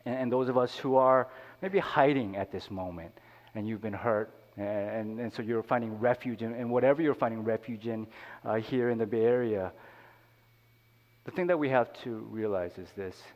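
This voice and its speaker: A man's voice: lowish voice, normal speed, a little mellow. A man, a pastor, preaching a sermon in a conversational way, with many "you know" asides. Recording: long hall reverb.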